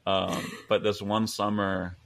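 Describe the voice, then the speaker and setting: A young man in his twenties with a low, gravelly voice that rumbles with vocal fry. He tells rambling stories in a relaxed chat, chuckling through them. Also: takes it slowly. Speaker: podcast guest. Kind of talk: casual storytelling chat.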